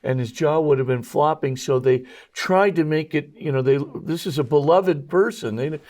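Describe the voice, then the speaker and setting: A man who is a Jesuit priest and scholar, a guest on an interview show, explaining technical details in a halting way full of ums and uhs. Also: on the high side, a little mellow.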